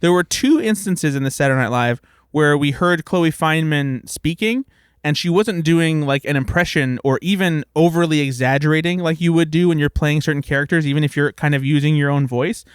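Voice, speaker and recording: Smooth, higher-voiced male podcast co-host. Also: brisk, no echo, clean studio sound. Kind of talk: casual chat.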